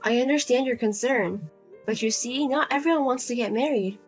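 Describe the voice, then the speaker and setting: A woman's voice: fairly high pitch, normal speed, faint music behind, pitched below the performer's own voice, close to an everyday voice. A woman voicing a single adult daughter who speaks bluntly and coldly to her mother. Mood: firm, exasperated. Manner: blunt, cold, lecturing.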